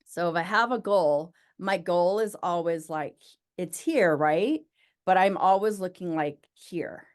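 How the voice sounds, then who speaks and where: A woman who owns a business, talking as an interview guest and acting out her own excited thoughts as she tells her story. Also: lowish voice, measured pace. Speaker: interview guest, med spa owner. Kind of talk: casual interview conversation.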